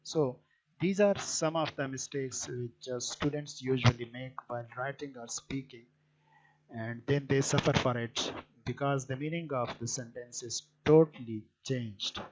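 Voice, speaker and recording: A man teaching a grammar lesson, explaining points deliberately with frequent hesitant fillers. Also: mid-range voice, slight background noise. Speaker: English teacher. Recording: dull lo-fi recording.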